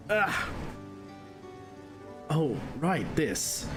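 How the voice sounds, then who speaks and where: A man's voice: a little high, lively intonation, takes it slowly, pauses often. A man casually commenting as a game streamer, chatty and joking while reading game text aloud. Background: game music.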